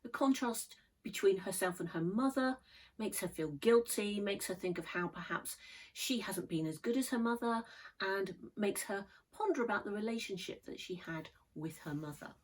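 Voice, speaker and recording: A woman teacher giving a measured, thoughtful poetry lesson. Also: medium pitch, poor audio. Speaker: English literature teacher.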